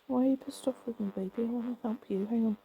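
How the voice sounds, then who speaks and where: A woman in her thirties with vocal fry, tired from lack of sleep, chatting casually and rambling with lots of fillers while playing a video game. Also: a little high, fast talker, warm tone, slight background noise. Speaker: game streamer. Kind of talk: casual let's-play commentary.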